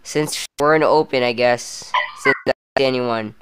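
A woman's voice: very deep voice, a little slow, a bit bright, clean tone. A woman voicing a bossy young male superhero mentor in a game role-play, impatient and scolding.

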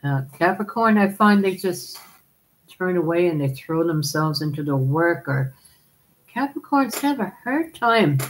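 A woman's voice: fairly low pitch, animated, unhurried, a little hiss or hum, rough recording. A woman hosting a live stream, chatting casually, laughing often and calling viewers darling as she reads their comments.

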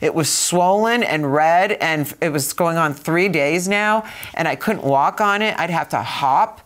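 Woman, fifties, a touch low-pitched, interview guest; animated storyteller who stumbles over repeated words. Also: a little slow. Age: 50s. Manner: animated, dramatic retelling with stammered repeats.

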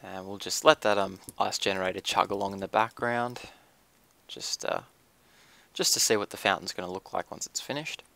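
A man giving casual, relaxed gameplay commentary, thinking aloud with frequent ums as he explains his build. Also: low-pitched, normal speed, gravelly, no room sound.

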